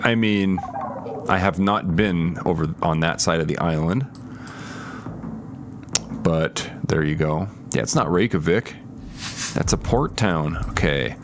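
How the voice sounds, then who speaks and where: Male streamer, deep register, loose rambling gameplay commentary with viewer replies. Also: slow pace, pauses often, noisy background. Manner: thinks aloud, hedging and restarting. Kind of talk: casual live-stream chat while gaming.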